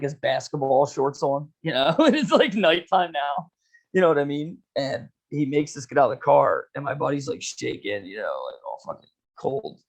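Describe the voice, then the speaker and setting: A young man and podcast host telling a long story in a laid-back, profane way, full of "dude" and "you know". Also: a little high. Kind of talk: casual storytelling chat.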